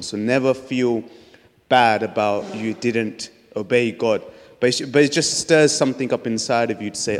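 A man preaches his testimony, telling the story earnestly and restarting his phrases often. His voice sits at a middling pitch. Long reverb from a large hall hangs behind it. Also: normal speed. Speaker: speaker sharing a testimony.

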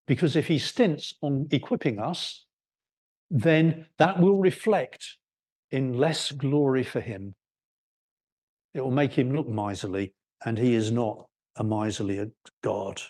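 A man preaching a sermon, explaining scripture in an unhurried way and lifting his voice on key words. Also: on the high side, mellow. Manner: unhurried expository preaching, rising for emphasis.

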